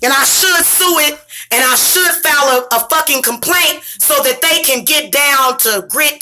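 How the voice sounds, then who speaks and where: Bright-voiced angry woman ranting. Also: high-pitched. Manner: profane, heated venting with bursts of shouting. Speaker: vlogger.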